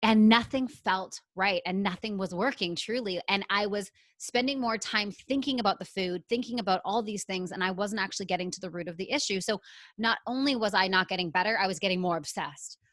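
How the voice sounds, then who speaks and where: A woman from Canada, a podcast guest telling a personal story in a lively way and acting out what she said back then. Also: medium pitch, brisk, no echo, poor audio. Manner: animated, acts out her own past lines. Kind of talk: storytelling interview answer.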